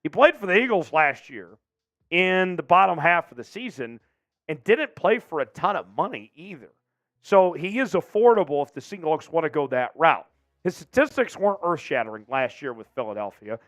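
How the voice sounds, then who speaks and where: A man hosts a live sports news stream, his slightly raised voice rising and falling in lively swings. He keeps stopping to cough and apologize as his voice gives out. The sound is dry and close, with faint music underneath. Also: a little high, normal speed, no echo. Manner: animated, apologetic between coughing fits. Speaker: sports show host.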